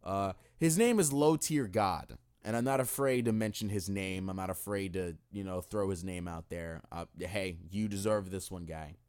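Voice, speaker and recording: A man's voice: low voice, normal speed, few pauses, clear, resonant tone. A young man co-hosting a podcast in a casual, profane, joking chat. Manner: animated, profane, jokey. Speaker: podcast co-host.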